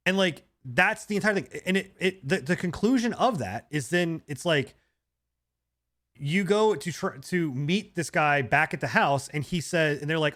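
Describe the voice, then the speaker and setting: Gaming podcast guy going off on a long rant, swears a lot, voice sits a bit high. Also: moderate pace. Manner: rambling, animated ranting with swearing. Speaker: podcast co-host. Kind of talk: casual gaming podcast chat.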